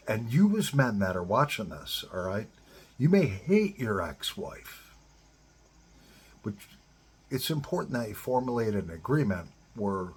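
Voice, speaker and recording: A middle-aged man with a medium-pitched, breathy-edged voice talks directly to divorced fathers in a casual monologue. His advice is blunt and profane, aimed man to man.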